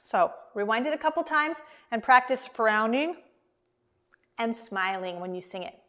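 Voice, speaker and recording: An American woman teaching an online preschool lesson, speaking slowly and encouragingly to small children. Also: a little high, animated, a bit bright.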